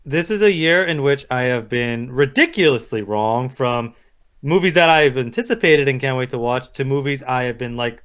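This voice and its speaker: A man co-hosting a casual movie review chat, excitable and profane, acting out his own reactions as he talks. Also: medium pitch, a little fast. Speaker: podcast co-host.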